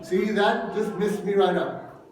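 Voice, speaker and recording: A man delivers an earnest sermon, piling up repeated phrases for emphasis. His voice sits high for a man. It rings through a very echoey room, picked up from some distance with a faint hiss underneath. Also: steady tone, takes it slowly. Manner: earnest, repetitive emphatic preaching. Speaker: pastor.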